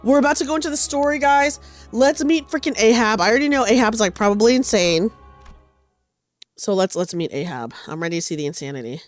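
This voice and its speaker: A bubbly woman streamer chatting with her viewers as she plays, her voice sitting a little high and swinging widely in pitch. She talks in an excitable, giggly way into a desk mic, with faint game music underneath. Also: brisk. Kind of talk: casual game stream chat.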